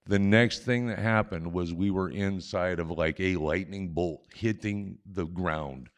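A man in his sixties telling a personal story live on stage into a microphone, animated and self-mocking with frequent chuckles. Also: sits low, measured pace.

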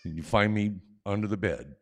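Older male storyteller with a lower voice, animated and self-deprecating, chuckling through a story into a stage mic. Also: moderate pace, soft background music. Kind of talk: live personal storytelling. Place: on stage at a live event. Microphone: stage microphone.

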